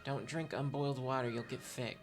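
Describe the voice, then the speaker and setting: A man's voice: medium pitch, fairly even intonation, a little fast, natural voice. A man reading game dialogue as a stern, fussy ship gate attendant who scolds but cares. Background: game music.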